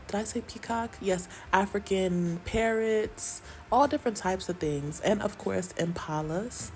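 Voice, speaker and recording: A woman's voice: mid-range voice, unhurried, hardly any pauses, a little mellow, faint music behind. A woman from the United States talking casually to her viewers in a travel vlog, laughing often and using slang. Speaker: travel vlogger.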